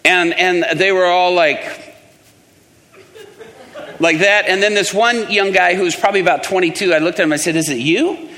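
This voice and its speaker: Speaking at normal speed with long pauses, a man whose voice sits high preaches in a big-room space. His sermon storytelling is animated, and he voices the people in the story himself.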